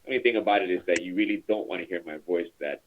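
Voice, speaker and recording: A man's voice: deep voice, racing, background noise. A man leading a call center training over a conference call, chatty and rambling with many fillers. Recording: tinny phone line.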